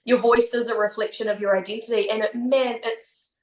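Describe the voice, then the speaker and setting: A woman in her thirties with a New Zealand accent speaks candidly and reflectively as a podcast guest in a casual chat, laughing often. Her voice is fairly high, steady and quick, and the recording has a roomy echo.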